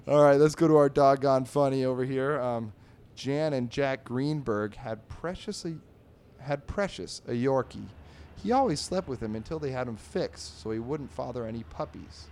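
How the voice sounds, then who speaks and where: A man hosting a comedy podcast, reading comic strips aloud in an animated way, laughing often and slipping into squeaky character voices. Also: normal speed.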